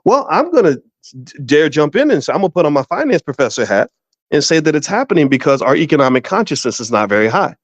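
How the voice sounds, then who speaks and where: Rambling man with a fairly high voice. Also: big pitch swings, fast, dry recording. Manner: rambling, stumbles over repeated words. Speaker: podcast host, finance professor. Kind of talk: casual monologue. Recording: dry, slightly dull recording.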